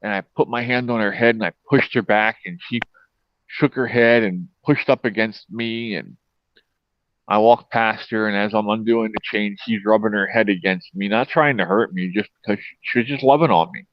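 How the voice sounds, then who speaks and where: A man's voice: lowish voice, moderate pace, no room sound. A middle-aged man from Pennsylvania hosting a casual chat, telling long profane farm stories. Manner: rambling, profane, anecdotal. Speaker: host. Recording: dull lo-fi sound, dry.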